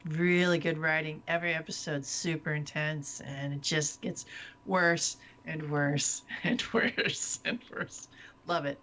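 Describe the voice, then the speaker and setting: A woman's voice: low voice, unhurried, a bit bright, a little hiss or hum. A woman co-hosting a podcast, chatting playfully with bawdy jokes and giggles. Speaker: podcast co-host. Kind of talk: casual chat.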